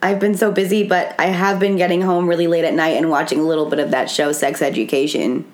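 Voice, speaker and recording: A woman's voice: sits low, steady tone, quick pace. A woman in casual chat who talks hesitantly, with many ums and restarts.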